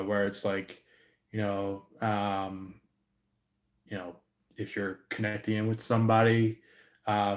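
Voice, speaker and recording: A man giving an intuitive reading on a live stream, slow and halting, with many fillers and restarts. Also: on the low side, echoey room. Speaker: tarot reader.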